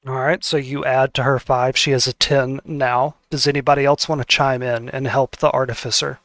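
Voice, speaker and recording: A man's voice: mid-range voice, flat delivery, normal speed, fairly bright tone, no room sound. A man narrating a tabletop game as game master, hesitant and with many fillers.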